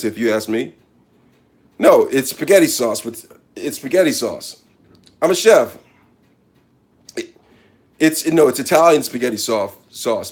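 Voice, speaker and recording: A man hosting a parody cooking video in his kitchen, boasting and talking straight to viewers with repeated catchphrases. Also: medium pitch. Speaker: comedic cooking vlogger. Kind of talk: deadpan parody cooking show. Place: home kitchen.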